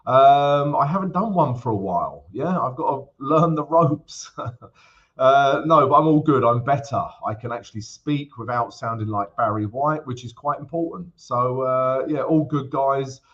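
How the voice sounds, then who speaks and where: A man's voice: mid-range voice, moderate pace, fairly bright tone, muffled recording. A man hosting a casual livestream, chatting with viewers and walking through a currency chart. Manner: chatty, addresses viewers as guys, greets chat by name. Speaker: forex trading livestream host.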